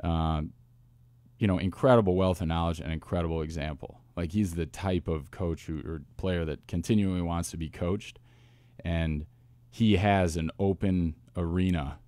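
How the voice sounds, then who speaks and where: A man, a football coach, telling stories in a casual interview with lively asides and restarts. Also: low voice, dry recording. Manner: animated storyteller, quick asides and restarts. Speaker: wide receivers coach, guest.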